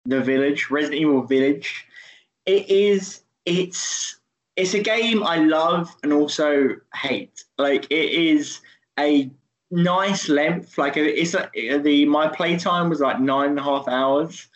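A man's voice: fairly high pitch, takes it slowly, rough recording. A man hosting a podcast, chatting casually and teasing, rambling with many restarts. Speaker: podcast host. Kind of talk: casual chat.

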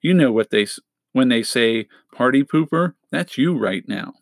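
A man's voice: medium pitch, expressive, moderate pace, creaky, no room sound. A cocky teenage troublemaker, as a male narrator plays him, drawling and sarcastic in a mid-range voice. The recording is dry and close, with no room around it. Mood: teasing.

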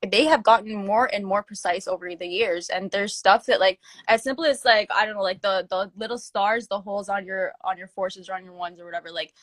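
A woman's voice: medium pitch, a little fast, few pauses, no echo. Young woman rambling casually, lots of "like", dry close sound. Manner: filler-heavy, animated, slangy. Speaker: interviewee. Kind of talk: casual chat.

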